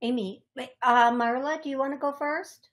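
Hosting a call-in radio program as a psychic medium, a woman speaks at a normal pace in a high voice with fairly even intonation. She rambles, pokes fun at herself with laughter, and repeats important phrases for emphasis.

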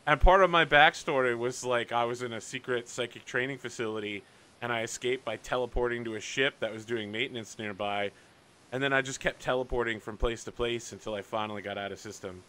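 A man's voice: medium pitch, fairly quick, sharp tone, a little hiss or hum. A man running a tabletop game as game master, chatting casually and animatedly and reading rules aloud on a voice call.

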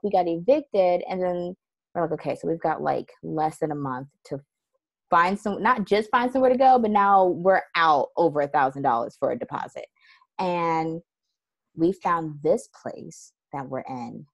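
Woman coach with a low voice, animated storytelling, laughs a lot. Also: gravelly. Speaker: course teacher. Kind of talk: casual chat.

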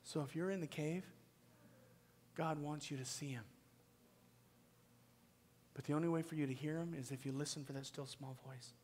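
A man preaching a sermon to his church, swinging from loud, pleading peaks down to a hushed whisper. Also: fairly high pitch, steady tone, moderate pace, pauses often, a little hiss or hum. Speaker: pastor. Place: church sanctuary. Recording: long reverb of a church hall.

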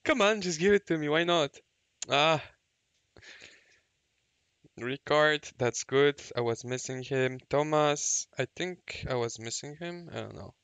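A man, a gaming YouTuber reacting to game summons, shouting, laughing and cursing, then muttering low. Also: a little slow, pauses often, clean tone, dry recording.

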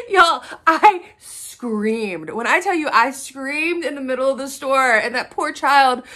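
Woman, chatty haul vlogger; slightly high voice, gushing and casual, swears freely. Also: animated, measured pace, few pauses, a bit bright. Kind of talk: casual chat to camera.

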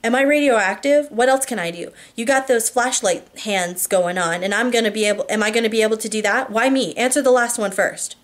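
A woman's voice: on the high side, a little fast, hardly any pauses, natural voice. A woman voicing a brash, streetwise teenage girl who talks bluntly and mockingly, firing off questions. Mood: sassy.

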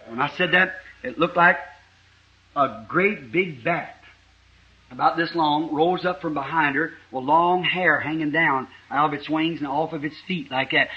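A man preaching a revival sermon with a southern Indiana accent, telling a folksy story and rising to fervent shouts, on a lo-fi 1960s church tape. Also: a little high, brisk.

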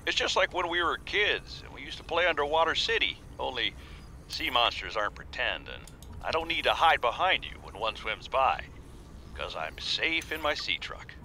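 Chatty upbeat young guy, super bright voice, bouncy. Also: medium pitch, moderate pace, a little hiss or hum, heavily acted. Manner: chatty and animated. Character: cheerful young man working far from home.

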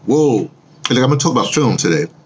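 A man's voice: medium pitch, sing-song, quick pace, slight background noise. A man talking casually to viewers in a rambling monologue, restarting sentences often and teasing them with questions. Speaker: vlogger and audio drama producer.

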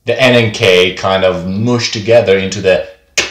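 A man's voice: sits low, steady tone, normal speed, fairly bright tone. A man teaching a beginner pronunciation lesson, speaking patiently and repeating each example word twice. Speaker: language teacher. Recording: echoey room.

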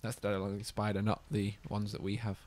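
A man's voice: fairly low pitch, little pitch movement, quick pace, a little mellow, no room sound. A man co-hosting a horror let's play, playing the game and chatting in a jokey way with frequent laughs. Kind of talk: casual gaming banter.

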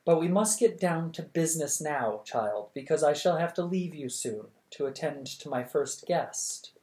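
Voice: mid-range voice, lively intonation, unhurried, darkish tone, echoey room, lightly acted. A reader voicing an elderly princess who speaks firmly and forthrightly, close to their own voice. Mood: brisk. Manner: firm and forthright.

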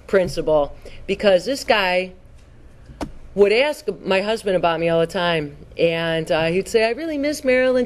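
A woman's voice: on the low side, darkish tone. A woman sharing her personal recovery story at a meeting, in a conversational, earnest storytelling manner with fillers and restarts.

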